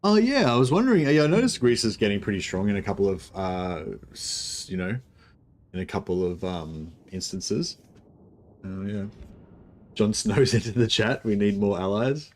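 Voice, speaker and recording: Low-voiced man rambling over gameplay. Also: expressive, normal speed. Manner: rambling, thinks aloud with fillers and restarts. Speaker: streamer. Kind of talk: casual gameplay commentary.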